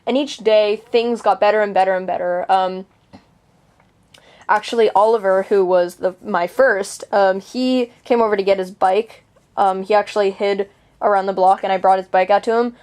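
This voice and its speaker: A woman's voice: mid-range voice, fairly even intonation, normal speed, darkish tone. Indignant teen girl venting her story. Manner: venting, indignant, swears freely; lots of fillers and restarts. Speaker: vlogger. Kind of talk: casual storytelling to camera.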